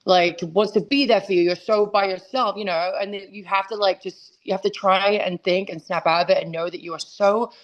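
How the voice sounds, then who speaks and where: A woman in her thirties chats openly as an interview guest, her voice sitting at a middling pitch. She talks loosely, with plenty of "like" and "you know" and restarts. She's heard over a video call from home. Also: steady tone, a little fast, hardly any pauses, lo-fi sound. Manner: candid, chatty, many fillers and restarts. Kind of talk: casual interview chat.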